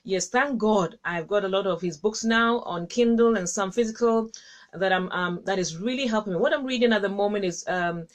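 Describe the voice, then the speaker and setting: A woman hosting a live stream, chatting casually with viewers in an effusive, affectionate way, laughing often and leaping up in pitch. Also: moderate pace. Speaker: host of a live-streamed encouragement session.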